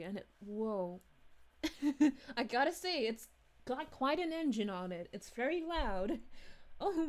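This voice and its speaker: A woman's voice: high-pitched, darkish tone. A woman voicing bubbly space princess Rosalina. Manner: bubbly, giggly, gushing thanks. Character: cheerful motherly space princess, gentle and gushing. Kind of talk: live-stream chat reading in character.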